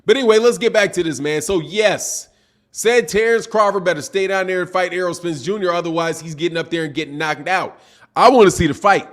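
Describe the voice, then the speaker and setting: Middle-aged man, high voice, animated slangy boxing streamer who needles viewers. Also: fairly quick. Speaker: boxing channel host. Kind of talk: livestream commentary with chat shout-outs.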